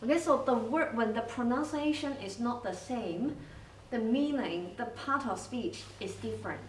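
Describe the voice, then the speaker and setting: A woman teaching an English class, explaining slowly and checking in with frequent okays. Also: on the high side, a little hiss or hum. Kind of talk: classroom lesson recording. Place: school classroom. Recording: roomy classroom, from a distance.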